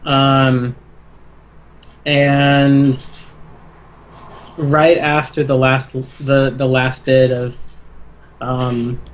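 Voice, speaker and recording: A man narrating a tabletop role-playing game as game master, halting with many fillers. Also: medium pitch, monotone.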